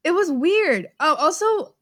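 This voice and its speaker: A young woman from Texas with a Texan accent, co-hosting a laid-back podcast. She talks in a giggly, bubbly way, full of likes and ums, her voice sitting high. The sound is dry and close, with no room echo. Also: sing-song, unhurried, fairly bright tone. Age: young adult. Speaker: podcast co-host. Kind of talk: casual chat.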